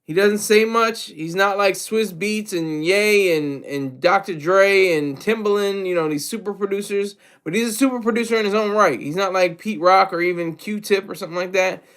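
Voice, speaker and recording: A man's voice: high voice, normal speed, few pauses, fairly bright tone. A man giving casual, rambling solo commentary on hip hop, self-deprecating and full of restarts.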